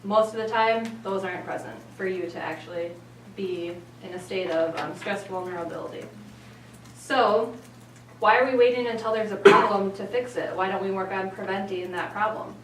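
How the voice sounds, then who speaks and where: A woman explains her topic in a steady, even voice with occasional fillers. She is recorded from a distance in an echoey room with a faint hum behind her. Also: mid-range voice, moderate pace. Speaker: presenter. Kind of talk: explanatory presentation.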